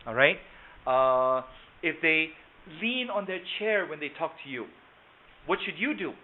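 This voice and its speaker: On a video call, a man runs a live sales training webinar in a fairly high, animated voice at an unhurried pace. The audio is tinny and phone-like, and he keeps it conversational, asking the class questions and repeating himself.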